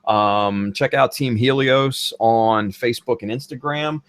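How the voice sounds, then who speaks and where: A man hosting a casual online podcast, talking in a relaxed, rambling way with many fillers. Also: medium pitch, a little slow, no echo. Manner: laid-back, filler-heavy, friendly sign-off. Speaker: podcast host. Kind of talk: casual chat.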